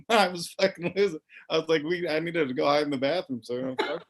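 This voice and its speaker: Fast-talking and on the high side, this comedian co-hosts a comedy chat, rambling through stories packed with swearing and laughter.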